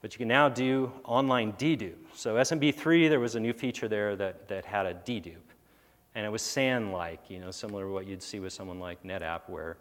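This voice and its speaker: Male conference presenter, lower voice, sarcastic asides, fillers and restarts, recorded in an echoey hall. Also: a little fast. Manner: thinks aloud with frequent fillers and restarts. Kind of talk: technical conference talk.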